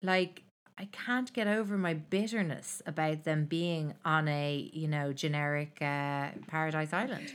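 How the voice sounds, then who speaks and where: A young woman co-hosts a podcast in a relaxed, gossipy chat. Her voice sits a little low, and her delivery is wry and knowing. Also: normal speed, hardly any pauses, clean tone. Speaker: podcast co-host. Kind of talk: casual chat.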